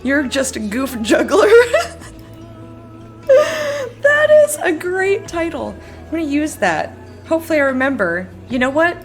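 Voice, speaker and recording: A woman's voice: high-pitched, sing-song, a little slow, pauses often, faint music behind. A tired woman chatting casually on a live stream, rambling, laughing often and answering her chat. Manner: giggly, rambling, reads chat aloud. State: sleepy.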